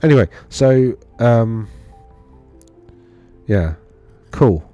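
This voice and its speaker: Speaking very slowly in an expressive, mellow, medium-pitched voice, a man rambles through tournament data on his screen, correcting himself as he thinks aloud. He hosts wargaming videos, and faint music plays behind him.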